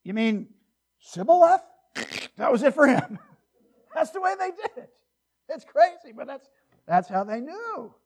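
A male pastor preaching an expository sermon in a church, animated and given to joking asides, his loudness rising and falling widely. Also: very high voice, unhurried, pauses often.

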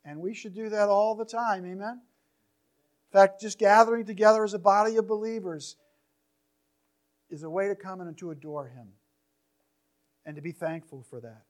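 Man preaching, high voice, slow emphatic scripture reading, soft trailing phrase ends. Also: steady tone. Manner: reads scripture slowly and emphatically, drops to near-whispers at phrase ends. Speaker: pastor. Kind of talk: sermon. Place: church.

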